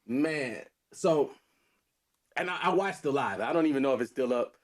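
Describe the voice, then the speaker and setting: A man in mid pitch recounts a story on a casual podcast. He rambles, circles back and leans on fillers as he goes. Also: animated, moderate pace. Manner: rambling, repeats himself, many fillers. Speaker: podcast co-host.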